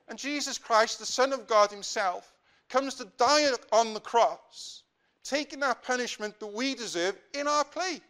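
Man, preacher, high-pitched voice, emphatic sermon delivery, slows on key phrases. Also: smooth. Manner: emphatic, rising to loud stresses and dropping to quiet appeals.

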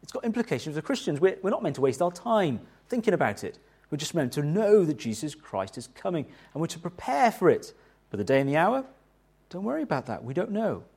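Lively, animated male preacher. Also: fairly high pitch, brisk, slightly rough. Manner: animated, conversational preaching with restarts and rhetorical questions. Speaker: pastor. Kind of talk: sermon.

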